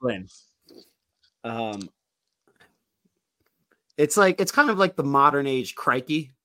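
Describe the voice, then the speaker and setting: A man's voice: medium pitch, big pitch swings, slow, pushed and bright, dry recording. Rambling male podcast storyteller, dry sound. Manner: rambling, full of "like" and restarts. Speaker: podcast co-host. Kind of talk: casual storytelling chat.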